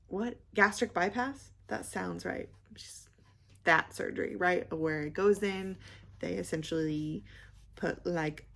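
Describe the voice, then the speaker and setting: A young woman talks through her monthly reading in a slow, unhurried way, her voice low-pitched and gravelly with vocal fry. She rambles, filling pauses with ums and likes as she hunts for the right word. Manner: rambling, many ums and likes, searching for words. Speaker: book vlogger. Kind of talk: casual book review chat.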